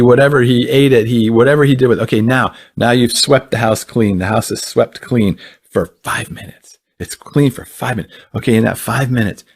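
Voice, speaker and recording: A man's voice: medium pitch, creaky, a little mellow, slightly rough. A man speaking earnestly in a conversational teaching style, often repeating words and restarting his phrases. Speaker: Christian ministry speaker.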